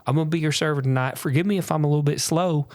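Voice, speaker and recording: Brief: a man doing a folksy diner waitress, high, chatty and quick, dry close sound. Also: steady tone, darkish tone, no room sound, natural voice. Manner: folksy, matter-of-fact, rambling. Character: chatty small-town waitress, woman, middle-aged.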